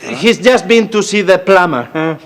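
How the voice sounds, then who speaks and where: A man's voice: high voice, moderate pace, some chatter behind, a little hiss or hum, natural voice. An actor playing a cheerful, protective young man with an Argentinian accent, teasing and playful in a sitcom. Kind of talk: sitcom acting.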